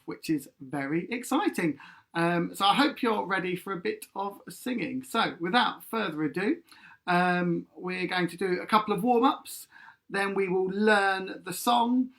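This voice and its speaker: Chatty man leading warm-ups. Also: sits high. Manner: chatty and playful, with fillers. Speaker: musical theatre singing leader. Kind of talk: live-streamed singing warm-up lesson. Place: home living room, seated on a sofa.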